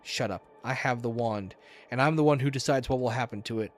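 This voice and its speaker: A man's voice: medium pitch, a little fast, soft background music, close to an everyday voice. A man voicing a contemptuous, bratty young man in a narrative game, snapping out scornful lines.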